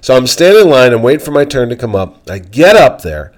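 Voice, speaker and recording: A man telling a story on a podcast in a loose, chatty way, slipping into the voices of the people involved. His voice is animated and unpolished. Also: mid-range voice, brisk. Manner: animated, acts out quoted voices. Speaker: podcast host. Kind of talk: casual storytelling.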